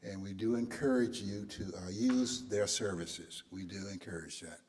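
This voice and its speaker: A man leading a church service, making announcements in a relaxed, chatty way with frequent fillers. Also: lowish voice, normal speed. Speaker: service leader. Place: large church sanctuary. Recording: long church reverb.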